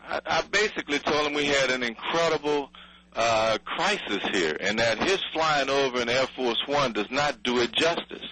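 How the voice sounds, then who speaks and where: A man's voice: mid-range voice, moderate pace, bright, forceful tone, a little hiss or hum, poor audio. A man, angry and blunt in a radio interview, swearing and pleading for help. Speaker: city official interviewed by radio. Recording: radio broadcast audio.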